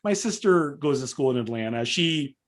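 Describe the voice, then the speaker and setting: A man's voice: medium pitch, lively intonation, normal speed. A man from Southern California speaking as a podcast guest, earnest and emphatic, with frequent fillers. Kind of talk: conversational interview.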